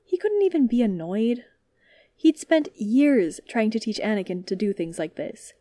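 A woman reading a story aloud as narrator, in a calm, steady manner. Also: a little high, a little slow, dry recording.

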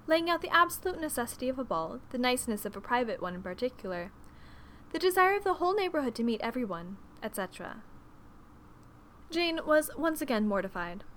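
A woman narrating an audiobook in an expressive, measured storytelling manner. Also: on the high side, a little hiss or hum.

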